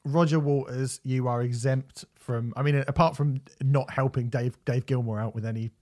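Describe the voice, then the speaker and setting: A man's voice: medium pitch, steady tone, normal speed, a little mellow. A man co-hosting a casual music review chat, hedging and hesitant, often restarting his sentences. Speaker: podcast co-host.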